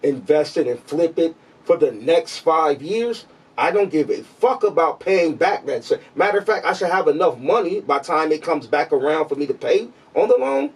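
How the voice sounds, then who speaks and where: Guy on a podcast arguing money stuff, easygoing but talks fast in bursts, husky, kinda far from the mic. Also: a little high, lively intonation. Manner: laid-back, swearing, argues in quick bursts. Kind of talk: casual debate chat.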